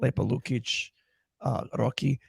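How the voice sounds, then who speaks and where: Gravelly husky man asking questions. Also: mid-range voice, steady tone, unhurried, a little mellow, no echo. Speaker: interviewer. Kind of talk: casual interview questions.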